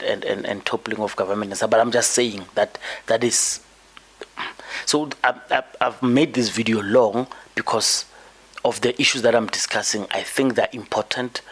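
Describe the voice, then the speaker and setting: This podcast host from South Africa has a lowish, husky voice that's a little bright. He delivers emphatic political commentary in monologue form, frequently repeating words to drive his point home.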